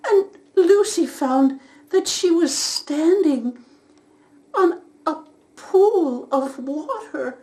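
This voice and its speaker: A woman narrating a storybook with an expressive, unhurried delivery. Her voice is very high and sing-song, and she takes her time over each phrase.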